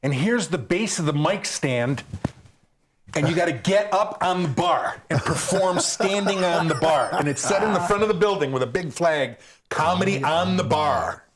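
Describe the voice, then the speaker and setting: Lively storytelling male comedian. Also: a little high, normal speed, a crowd in the background. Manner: animated, acts out the people in his stories. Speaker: stand-up comedian, guest. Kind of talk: telling a comedy road story.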